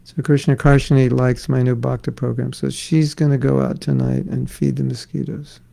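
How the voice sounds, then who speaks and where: A man's voice: mid-range voice, little pitch movement, normal speed, creaky, mellow, low-quality recording. A middle-aged man giving a scripture class, conversational and joking with his listeners. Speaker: spiritual teacher. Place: class in Florida.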